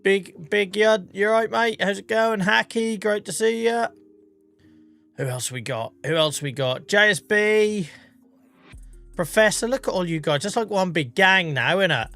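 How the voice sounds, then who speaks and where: A man's voice: sits high, measured pace, creaky, sharp tone, soft background music. A man in his thirties, a streamer, chatting casually with his viewers, a bit out of breath, greeting people by name and swearing now and then. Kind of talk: casual live-stream chat.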